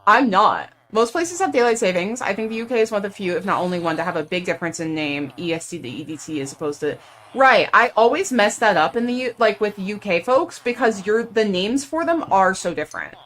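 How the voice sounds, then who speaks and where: A woman's voice: medium pitch, animated, a little fast, a bit bright. Chatty young woman game streamer. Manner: chatty and playful, lots of "like" fillers. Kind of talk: casual live-stream chat.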